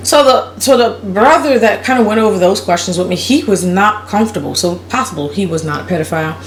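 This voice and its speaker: A woman's voice: medium pitch, fairly quick, slight background noise. Blunt, laughing woman vlogger in an echoey room. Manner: blunt, profane, laughs while telling. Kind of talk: casual storytelling to camera.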